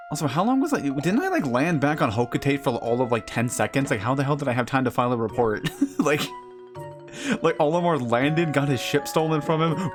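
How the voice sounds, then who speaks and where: A man's voice: mid-range voice, animated, fairly quick. Guy streaming a game, cussing and cracking jokes, faint music in the back. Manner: profane, joking, laughs often. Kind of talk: casual gameplay commentary.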